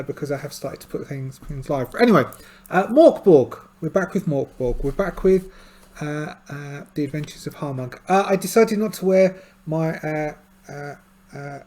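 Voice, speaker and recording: A middle-aged man with a voice pitched a little above most men's. He talks through his solo tabletop game in a loose, meandering way, full of restarts. His tone stays chatty and self-deprecating. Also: darkish tone. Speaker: solo game player and narrator. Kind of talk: rambling casual solo game narration.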